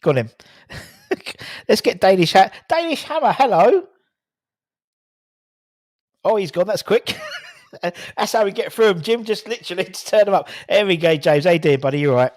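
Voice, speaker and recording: A man hosting a fan live-stream, chatting casually about football with callers, often animated and swearing now and then. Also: high voice, normal speed, pauses often, no echo, clean studio sound. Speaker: host of a fan live-stream call-in show. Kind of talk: casual chat and football opinion.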